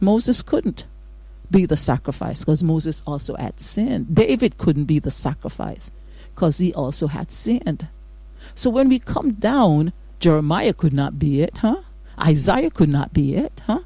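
A woman's voice: sits low, expressive, unhurried, dark tone, no room sound. A woman hosting a morning devotional radio show, greeting listeners and preaching with exuberant praise and amens. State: out of breath. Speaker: radio host.

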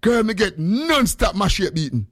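Lively Jamaican man, high and animated. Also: normal speed, dry recording, studio quality. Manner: animated storyteller, mixes in patois. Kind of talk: casual chat.

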